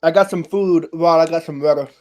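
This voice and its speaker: A man's voice: a little high, steady tone, a little mellow. A man playing in a tabletop game who chats casually and restarts his sentences often. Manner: halting, repeats himself as he starts sentences. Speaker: player. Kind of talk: casual chat.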